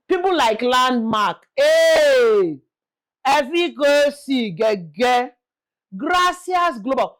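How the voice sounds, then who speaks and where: Animated Nigerian woman with a lively voice. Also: mid-range voice. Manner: animated, pleading, mixes in Yoruba phrases. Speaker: real estate vlogger host. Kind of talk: casual chat to camera.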